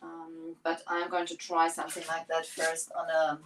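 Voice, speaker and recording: A woman's voice: deep voice, monotone, moderate pace, noisy background. A woman hosting a livestream, chatting casually and rambling with many fillers while she paints furniture.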